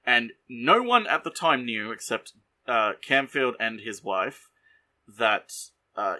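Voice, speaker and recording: A man co-hosting a podcast, casually sharing behind-the-scenes trivia in a halting way, full of ums and likes. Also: on the low side, sharp tone. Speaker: podcast co-host.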